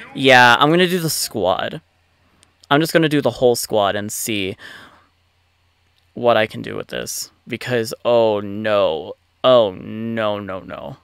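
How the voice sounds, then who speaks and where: A man giving live commentary on his own gameplay, excitable and frustrated, swearing often. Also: mid-range voice, slow pace, gravelly, long pauses, clear, resonant tone, no echo. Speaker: let's play gamer. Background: faint game music.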